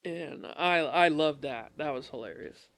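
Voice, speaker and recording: A man in his twenties, a podcast guest, telling army stories in a casual, animated way and often breaking into laughter. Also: a little high, measured pace, dry recording. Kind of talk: casual storytelling.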